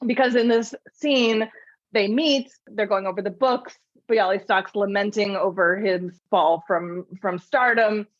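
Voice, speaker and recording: A woman podcast host in casual chat, telling film trivia in a lively storytelling way with frequent laughs. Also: medium pitch, a little slow, dry recording, lo-fi sound.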